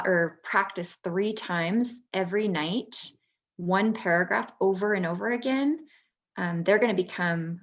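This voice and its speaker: A woman and former teacher presenting a workshop for parents, explaining things patiently with frequent pauses. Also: lowish voice, a bit bright, lo-fi sound.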